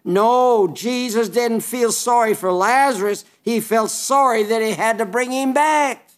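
Delivering his sermon at a measured pace, this preacher is emphatic and folksy, reciting scripture in King James language. Now and then he slips into low, wry asides.

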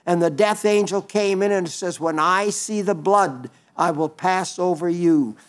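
Older guy preaching, kinda high voice, folksy and earnest, keeps restarting words. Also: unhurried. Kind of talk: sermon.

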